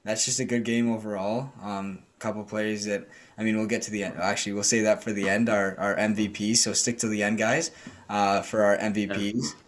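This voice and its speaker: Casting note: low, flat, soft-spoken tired man, halting podcast co-host. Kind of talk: casual hockey podcast chat.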